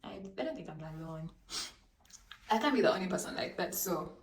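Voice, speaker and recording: A woman telling a dramatic storytime vlog to her viewers, talking into a handheld phone in a lively, animated way. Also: lowish voice, a little fast, recorded from a distance. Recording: roomy echo, voice off-mic, faint background noise.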